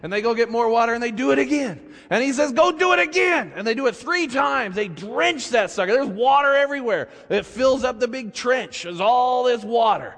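A man preaching, retelling a story in an animated, colloquial way, in a church with long reverb. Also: very high-pitched, normal speed, hardly any pauses. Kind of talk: sermon storytelling.

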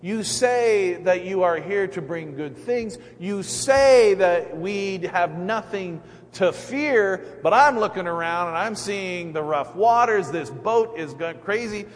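Man putting on an anxious doubting disciple, agitated pleading, higher voice, echoey hall with faint hum. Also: animated, slow.

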